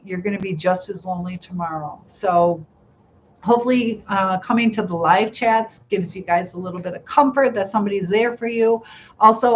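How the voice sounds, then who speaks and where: A middle-aged woman hosting a live chat, reading out viewers' comments and answering in a gentle, reassuring way, asking many questions. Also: mid-range voice. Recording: slightly dull lo-fi sound, faint room noise.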